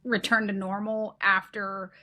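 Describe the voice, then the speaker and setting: A woman explaining child development in a conversational interview, earnest and animated, acting out what parents say. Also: medium pitch, unhurried.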